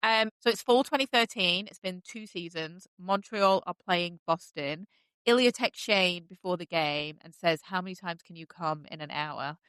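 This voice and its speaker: A woman's voice: lowish voice, normal speed, fairly bright tone, clear, resonant tone, dry recording. A woman hosting a podcast, recapping a TV show in a gushing, chatty way with many fillers. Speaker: podcast host. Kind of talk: casual chat recapping a TV show.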